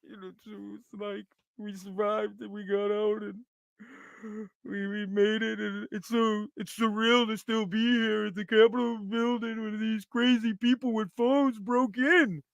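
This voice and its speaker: A man putting on a frightened, self-pitying male politician in a hushed, mocking tone. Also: high-pitched, little pitch movement, a little slow, vocal fry, no room sound, lo-fi sound. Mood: whiny, mocking.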